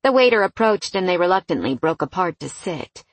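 A woman narrating a novel in a steady, scripted reading style on a close studio mic. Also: on the low side, brisk, no room sound. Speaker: audiobook narrator.

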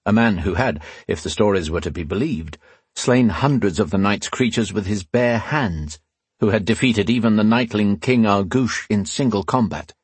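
A man narrating a fantasy story in a steady, scripted reading. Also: on the low side, normal speed, slightly rough, dry recording. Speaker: audiobook narrator.

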